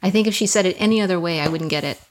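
A woman's voice: lowish voice, very fast, slight background noise. A young woman on a podcast as a guest, telling a personal story in an earnest, candid way and often repeating her words.

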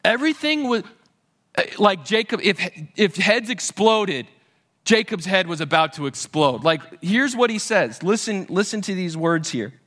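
A man preaching a sermon, retelling a Bible story with lively acted-out voices and frequent restarts. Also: high-pitched, a little slow. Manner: animated storytelling, acting out Bible characters' voices. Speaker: pastor.

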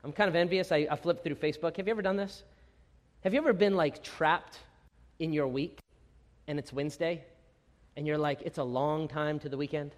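A middle-aged man preaching a sermon, his voice sitting a little higher than most men's. He tells jokes at his own expense and acts out little asides. The sound carries a long reverb from a big hall. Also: steady tone, brisk. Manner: self-deprecating, humorous storytelling with quoted asides. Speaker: pastor.

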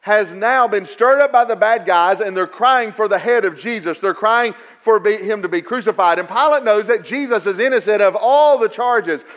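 A man preaching a sermon, swinging from quiet stretches to raised, emphatic repetition. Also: high voice, moderate pace, few pauses. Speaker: pastor.

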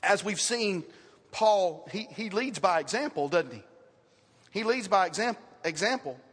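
A man preaching a sermon to a congregation in church, reading scripture and telling stories in an animated way. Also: high voice, measured pace, slightly rough. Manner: animated storytelling with scripture quotes. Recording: reverberant hall.

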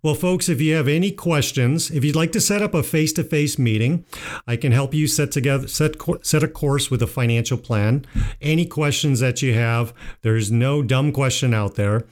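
A man hosting a financial talk show, telling a joke slowly in a folksy way. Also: medium pitch, a little mellow. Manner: unhurried, folksy storyteller. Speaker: financial advisor and show host. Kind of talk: casual radio talk with told jokes.

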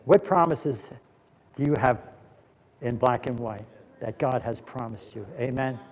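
A man preaching, telling a story in an animated way, calling out "amen" and moving into prayer. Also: mid-range voice, measured pace, rough recording. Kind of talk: sermon storytelling. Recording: loud guitar music behind.

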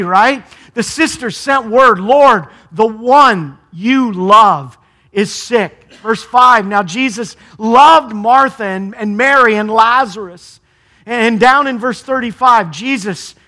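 A man's voice: high voice, pushed and bright. A middle-aged man preaching a sermon in a conversational way, asking the congregation rhetorical questions. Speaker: pastor.

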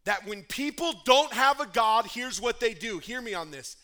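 Pastor guy preaching hard, high voice, goes quiet then loud, talks right at the church. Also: lively intonation, normal speed. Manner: impassioned, swings between quiet and loud; addresses the congregation directly. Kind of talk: sermon.

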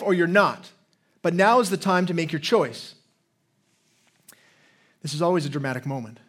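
Middle-aged man, pastor, earnest sermon delivery, slightly high voice, frequent restarts. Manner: earnest preaching with frequent restarts, dropping to a quiet storytelling voice.

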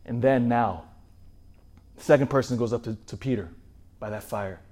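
A man preaching a sermon in an animated way, asking his listeners rhetorical questions. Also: mid-range voice, moderate pace.

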